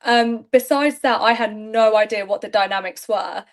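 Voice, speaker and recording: Young adult woman, candid and chatty interview guest; slightly high pitch. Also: normal speed. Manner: chatty, candid, laughs often. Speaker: reality show contestant guest. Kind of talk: casual interview chat.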